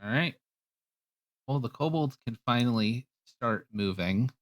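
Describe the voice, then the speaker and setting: A man running a tabletop game as game master, talking rules in a relaxed way with lots of fillers. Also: medium pitch, measured pace, no echo, studio quality.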